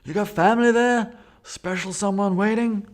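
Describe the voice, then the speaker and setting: A man's voice: high-pitched, steady tone, normal speed, voice pushed up, lightly acted. A man voicing a chatty rural coach driver with a folksy New England accent. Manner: folksy, blunt.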